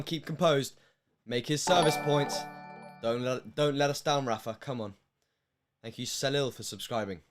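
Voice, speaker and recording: Young man, from the UK, live stream commentary, emotional, hushed then bursting loud. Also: mid-range voice. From United Kingdom.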